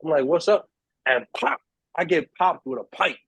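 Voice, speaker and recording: A young man spins a story for his friends on a podcast, jumping into high, excited voices for the people in it. His voice is a little husky, and the room sounds dry and close. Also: moderate pace, no echo, low-quality recording. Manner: animated storyteller, acts out voices in quotes. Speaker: podcast host. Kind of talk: casual storytelling among friends.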